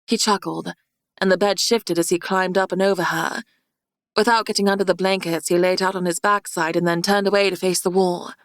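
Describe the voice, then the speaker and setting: A woman narrating a fantasy audiobook in a steady, measured reading style. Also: lowish voice, no echo, clean studio sound. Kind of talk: scripted narration.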